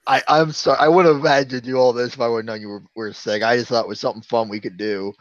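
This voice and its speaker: A man's voice: mid-range voice, fairly even intonation, quick pace, no echo, muffled recording. A man hosting a casual live stream chat, joking and giggling often. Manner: giggly, jokey, talks over others. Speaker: stream host.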